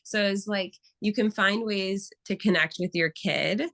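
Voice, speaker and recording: A young adult woman, a therapist, talking casually as an interview guest and acting out quotes in animated stories. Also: medium pitch, unhurried, poor audio. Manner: animated storytelling with acted quotes.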